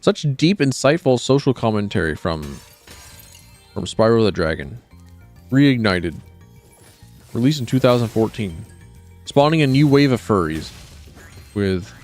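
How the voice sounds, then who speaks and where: A man's voice: on the low side, very animated, unhurried, long pauses, a little mellow, faint music behind. A man streaming a video game, giving rambling, sarcastic commentary with frequent restarts. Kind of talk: casual gameplay commentary.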